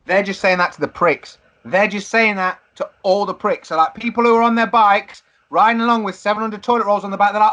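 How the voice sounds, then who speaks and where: A man's voice: high voice, steady tone, fairly quick, few pauses, bright, forceful tone. A man with young children, co-hosting a podcast in casual, swearing banter. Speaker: podcast co-host. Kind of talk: casual chat.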